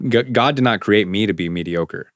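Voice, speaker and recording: A man with a very low, deep voice hosts a podcast interview. He speaks earnestly and with emphasis. The recording is dry and close on a studio mic. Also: normal speed, dry recording. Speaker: podcast host.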